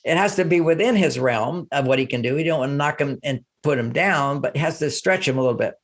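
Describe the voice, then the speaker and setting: An older man, a relationship author, talking casually in an interview, animated and acting out quoted speech. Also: a little high, fast.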